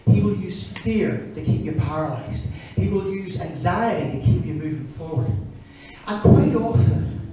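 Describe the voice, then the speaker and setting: A man in his forties preaching a sermon, telling stories in an animated way. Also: fairly high pitch, a little slow, a little hiss or hum. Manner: animated storytelling, acting out voices. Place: church service. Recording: echoey church hall from far off.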